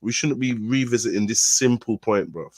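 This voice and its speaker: A man's voice: mid-range voice, moderate pace, a little mellow, no room sound. A man on a live podcast call, arguing casually and insistently, repeating himself and swearing. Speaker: podcast panelist.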